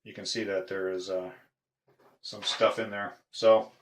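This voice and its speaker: Slow, halting middle-aged man. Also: lowish voice, level tone, slight background noise. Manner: halting, with frequent "uh" pauses. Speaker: padlock collector. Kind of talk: casual show-and-tell video. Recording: echoey room.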